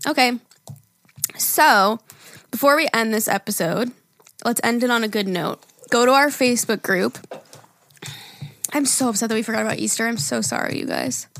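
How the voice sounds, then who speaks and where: Woman podcast co-host, chatty and giggly, slightly high voice, dry sound. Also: normal speed, pauses often, no echo. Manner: giggly, animated, swears casually. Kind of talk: casual chat.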